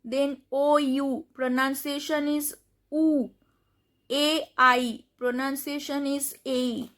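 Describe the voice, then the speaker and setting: A woman with an Indian accent gives a spoken lesson, saying each example word twice. Her voice is high and bright. She talks slowly, with many fillers and restarts. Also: flat delivery. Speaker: French teacher.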